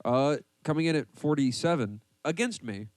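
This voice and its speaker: A man's voice: on the high side, lively intonation, moderate pace, no echo. A man hosting a casual podcast, reading a list aloud and mocking it with swearing and laughter. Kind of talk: casual banter with heavy swearing.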